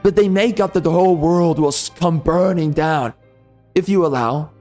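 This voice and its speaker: A man's voice: fairly high pitch, normal speed, a little mellow, faint music behind. A man hosting a gaming commentary channel, delivering an angry, insulting political rant full of repetition.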